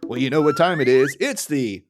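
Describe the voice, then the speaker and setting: A man's voice: mid-range voice, brisk, music in the background. A man co-hosting a podcast, chatting casually and recapping a cartoon episode while acting out lines in funny voices. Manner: animated, acts out character lines in funny voices. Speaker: podcast co-host.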